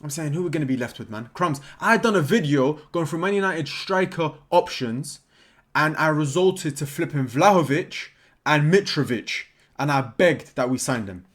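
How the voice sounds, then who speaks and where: A young man, giving an excitable, jokey football vlog and cutting himself off mid-thought. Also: a little high, moderate pace. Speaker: football content creator.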